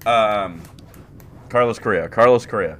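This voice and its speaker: A man's voice: on the low side, unhurried, background noise. A man co-hosting a casual sports podcast, joking and swearing through the banter. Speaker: podcast co-host.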